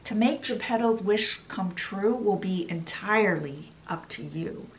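A woman voicing a kind female fairy who speaks slowly and gently. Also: mid-range voice, animated, slight background noise. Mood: gentle.

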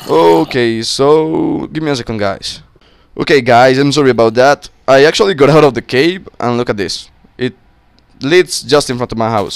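A man casually commentating his game, excitable and swearing, yelling at monsters, slightly sick with a cracking voice. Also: mid-range voice. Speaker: gaming channel host. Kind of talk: casual Minecraft let's-play commentary.

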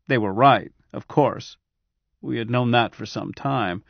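A man reading a science fiction novel aloud in steady, measured scripted narration. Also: medium pitch, creaky, no room sound, lo-fi sound. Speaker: audiobook narrator.

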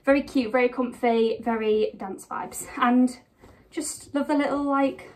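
A young woman talks casually through a clothing haul, a little breathless. Her voice sits slightly high, and she chats in a giggly way full of fillers. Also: fairly even intonation, unhurried. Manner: chatty, giggly, lots of fillers. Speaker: vlogger. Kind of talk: casual try-on haul chat.

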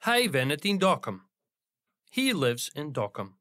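A man teaching a language lesson in scripted narration, giving careful, slow pronunciation examples. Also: fairly high pitch, sing-song, fairly bright tone, no room sound, studio quality.

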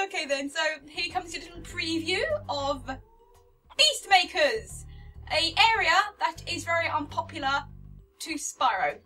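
A young woman casually commentating on her gameplay, excitable and prone to dramatic outbursts. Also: extremely high pitch, unhurried. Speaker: let's play host. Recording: distant mic with game music.

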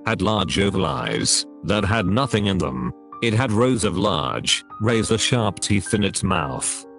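A text-to-speech male voice narrating a horror story in a flat, even delivery. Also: fairly low pitch, vocal fry.

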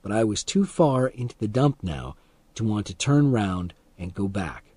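A man reading a first-person story aloud as an audiobook narrator, calm and expressive, for English learners. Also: lowish voice, normal speed, breathy edge, no echo.

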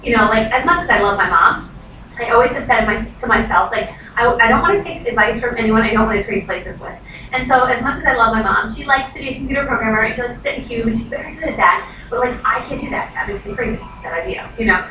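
A woman's voice: on the high side, expressive, fast talker, bright, forceful tone. Chatty woman in an echoey room. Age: 30s. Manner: chatty, acts out quoted voices, says "like" often. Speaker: direct sales consultant. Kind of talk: casual training talk. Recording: echoey, noisy room from far off.

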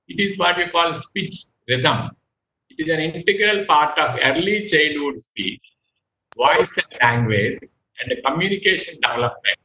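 Bright-voiced man giving a lecture. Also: medium pitch, echoey room, low-quality recording. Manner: repeats phrases, pauses and restarts mid-sentence. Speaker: medical lecturer. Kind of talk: recorded medical lecture.

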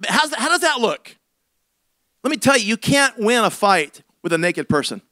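A middle-aged man, a senior pastor, telling a comic story in a sermon with big swings between loud and hushed. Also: very high voice, very animated, normal speed, no echo.

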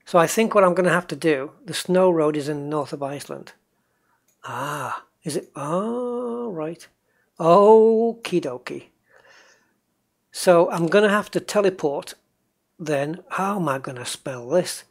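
The man's voice is a little high and expressive, at a moderate pace. A gaming channel host with a faint northeast English accent, he gives casual commentary on a truck game, chatting to himself and his viewers as he drives.

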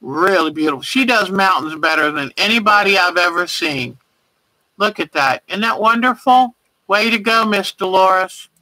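A woman hosts a casual quilting livestream show-and-tell, chatty and gushing with praise as she shows viewers' work by name. Her mid-range voice is lively and sharp at a normal speed, recorded roughly but with no echo.

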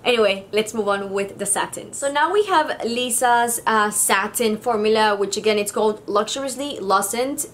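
A woman's voice: mid-range voice, normal speed, few pauses. A woman from Mexico with a Mexican Spanish accent, giving a chatty, gushing makeup review full of fillers. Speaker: beauty vlogger.

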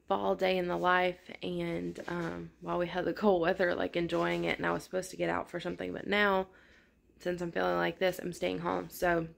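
A woman vlogging casually with a sore throat, talking low in a scratchy voice. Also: vocal fry. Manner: rambling, many fillers. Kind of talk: casual vlog chat.

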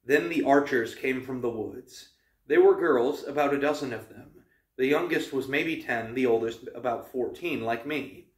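A man reading a novel aloud for his channel, in steady narration with small stumbles. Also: medium pitch, normal speed. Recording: roomy, distant mic.

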